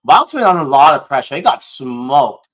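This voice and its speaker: A man hosting a casual livestream, excitable and prone to swearing, swinging between hyped outbursts and low mumbling. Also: moderate pace. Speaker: livestream host.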